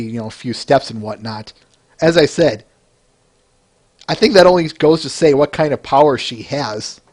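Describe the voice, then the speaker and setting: This man has a medium-pitched, somewhat dark voice. Hosting a laid-back review podcast, he wanders in his talk, frequently starts over, and replies to listeners by name between points.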